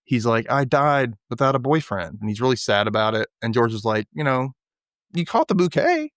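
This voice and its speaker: A man's voice: mid-range voice, brisk, a bit bright, no room sound, studio quality. A man hosting a podcast, casually recapping a TV episode and acting out the characters' lines in little voices. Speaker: podcast host.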